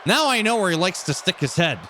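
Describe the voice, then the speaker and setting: Lively, laughing man commentating a game. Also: sits high, a little fast, slight background noise. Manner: laughs a lot, swears casually, animated reactions. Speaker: gameplay commentator. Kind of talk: casual gameplay commentary.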